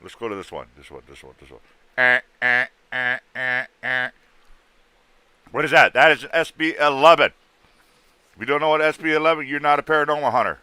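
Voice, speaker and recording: A man hosting a livestream, bluntly pitching ghost hunting gear in rough, casual sales patter. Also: brisk, long pauses, pushed and bright, dry recording. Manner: rough-spoken, blunt, salesman patter with sound-effect noises.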